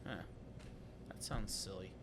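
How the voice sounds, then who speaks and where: A young man co-hosting a casual podcast, curious and quick to jump in with questions. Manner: curious, keeps asking questions and jumping in. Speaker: podcast co-host. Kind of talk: casual chat. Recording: noisy room with a clear background rumble.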